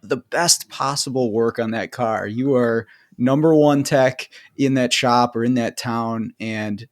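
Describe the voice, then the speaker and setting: A man with a technician background, telling a relaxed anecdote on a podcast and trailing off his sentences. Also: mid-range voice, measured pace. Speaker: automotive technician. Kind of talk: casual chat.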